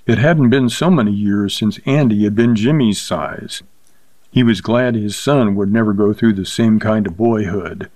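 A man reading a western story aloud in steady, measured narration. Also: fairly low pitch, dry recording. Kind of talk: scripted audiobook narration.

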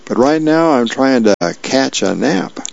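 A man's voice: animated, measured pace, vocal fry. A man voicing a sleepy middle-aged man napping on a couch, in a dull lo-fi radio recording. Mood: drowsy. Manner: drowsy, low-key.

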